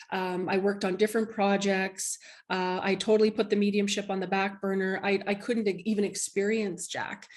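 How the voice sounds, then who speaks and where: A woman guest, a medium, telling an emotional personal story in an interview, heartfelt and earnest with many restarts. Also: medium pitch.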